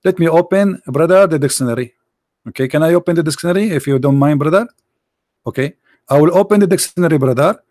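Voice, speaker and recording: On a heated live call-in debate show, a male host argues in non-native English with broken grammar, mocking and sarcastic, repeatedly calling his opponent "brother." His voice sits on the high side and is a little mellow, with clean studio sound and no echo.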